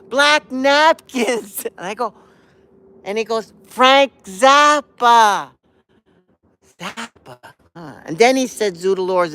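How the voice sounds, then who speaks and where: With a fairly high-pitched voice, a male live-stream host in his sixties wanders through an animated story, sometimes humming melodies and acting out the quotes he recounts.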